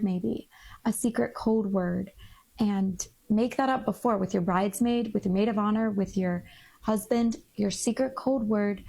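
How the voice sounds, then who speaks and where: A woman's voice: medium pitch, gravelly, mellow. A young woman telling a candid vlog story in a frank, rambling, exasperated way. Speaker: vlogger.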